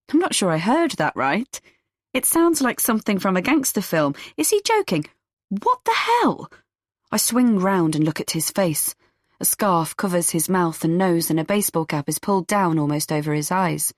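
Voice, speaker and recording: A woman reading a first-person audiobook in a tense, measured storytelling manner. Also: on the low side, big pitch swings, no echo, clean studio sound. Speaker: audiobook narrator.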